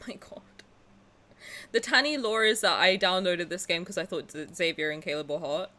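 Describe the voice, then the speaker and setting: A young woman streamer chatting casually and excitedly to her viewers, dramatic and joking crudely. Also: fairly low pitch, normal speed. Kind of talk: casual livestream reaction chat.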